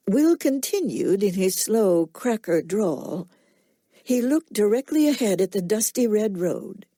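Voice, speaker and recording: A woman narrates a novel at a slow, deliberate pace. Her voice is mellow and warm. The recording is dry and close. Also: medium pitch, sing-song, no echo. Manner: measured, unhurried storytelling. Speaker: audiobook narrator. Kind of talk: scripted narration.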